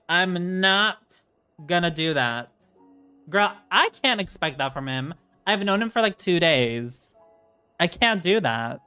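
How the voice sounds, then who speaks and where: A woman's voice: deep voice, smooth. A woman livestreaming and chatting casually with her chat. She rants, swears and shoots her voice up when she is worked up. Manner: ranting, swearing, reacting to chat; animated, voice jumps up when worked up. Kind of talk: casual chat while streaming. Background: faint music.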